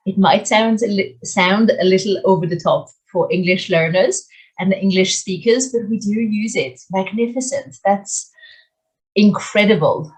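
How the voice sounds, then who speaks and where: A woman teaching French phrases in a video lesson, speaking clearly and deliberately and repeating each phrase slowly for pronunciation. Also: medium pitch, darkish tone.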